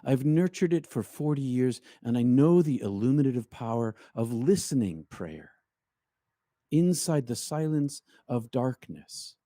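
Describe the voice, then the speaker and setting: A middle-aged man giving a reflective spiritual talk as host, often dropping into quiet, hushed phrases. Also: mid-range voice, expressive, no echo, clean studio sound. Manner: slow, reflective, drops to near-hushed phrases. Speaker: spiritual speaker and show host.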